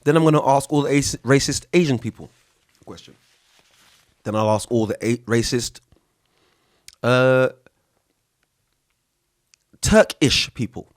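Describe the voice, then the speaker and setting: Impassioned profane podcast host, lively pitch. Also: male voice, normal speed, long pauses, no room sound, clean studio sound. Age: adult with an older son. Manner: impassioned, profane, jumps between topics. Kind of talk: solo podcast monologue.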